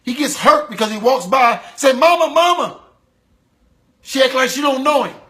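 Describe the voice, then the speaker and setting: A male preacher delivers an impassioned sermon. His voice sits high and rings bright, rising to loud calls and sinking to low, urgent passages. He drives his points home with rhythmic repetition. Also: a little fast.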